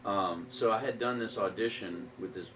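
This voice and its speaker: Man from arkansas, casual podcast chat, lowish voice, a bit far from the mic with faint hiss. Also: normal speed, a bit bright. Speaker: actor, podcast guest.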